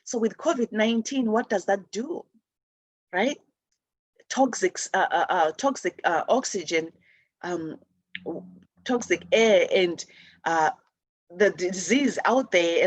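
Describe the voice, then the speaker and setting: A woman's voice: mid-range voice, measured pace, dry recording. A woman from Zimbabwe hosting a spiritual talk show, speaking earnestly and rambling with many restarts. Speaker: host.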